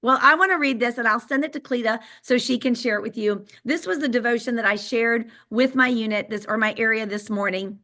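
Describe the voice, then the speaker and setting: A woman, a sales director telling an excited, emphatic motivational story on a call. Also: fairly high pitch, brisk, few pauses.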